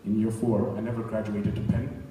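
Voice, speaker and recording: A man's voice: on the low side, flat delivery, normal speed, over loud music. A young man doing a stand-up set on a club stage, rambling with self-deprecating asides. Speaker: stand-up comedian. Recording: echoey club heard from far off.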